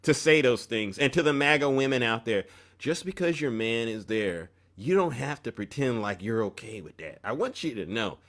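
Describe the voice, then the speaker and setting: A man hosting an opinion commentary show, talking emphatically in a preachy tone and often breaking off mid-sentence. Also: mid-range voice. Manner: emphatic, preachy, self-interrupting.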